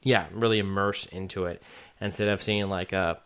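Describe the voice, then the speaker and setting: Low smooth-voiced man rambling about games. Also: fairly even intonation, moderate pace, fairly bright tone. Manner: rambling, many restarts and fillers. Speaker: podcast co-host. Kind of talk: casual gaming chat.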